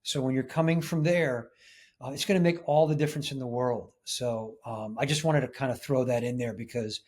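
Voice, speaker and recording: A man's voice: medium pitch, fairly even intonation, a little fast, a little mellow. A man speaking as a guest in an interview, in an earnest, emphatic way. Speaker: podcast guest. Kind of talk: casual interview chat.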